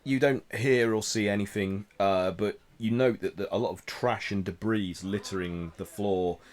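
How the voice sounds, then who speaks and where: A man from the United Kingdom narrating as game master, unhurried and full of ums and likes. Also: lowish voice. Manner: relaxed, hesitant narration with many fillers.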